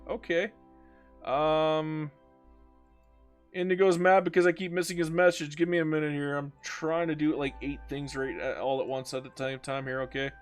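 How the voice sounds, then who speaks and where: A man with a fairly high voice streams a strategy game live. He chats casually, jokes with his viewers and reads their comments aloud. Faint music plays underneath. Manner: joking, talks to himself and reads chat aloud.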